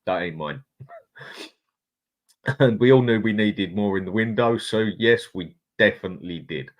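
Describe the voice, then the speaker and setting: A man's voice: fairly low pitch, normal speed. A man hosting a casual live stream, chatting and reading out viewer comments. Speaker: host.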